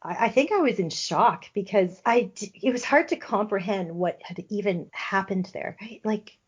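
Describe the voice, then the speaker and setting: Animated woman telling a story. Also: medium pitch, normal speed, husky. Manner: animated storyteller, acts out her own thoughts. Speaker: intuitive healer, podcast guest. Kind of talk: candid storytelling in conversation. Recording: slightly dull lo-fi podcast audio.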